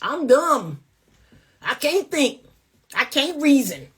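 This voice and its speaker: A woman putting on the voice of a whiny, self-pitying grown man who calls himself dumb, mocking him in a high, whining tone. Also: big pitch swings, slow pace, fairly bright tone, heavily acted. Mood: mocking whine.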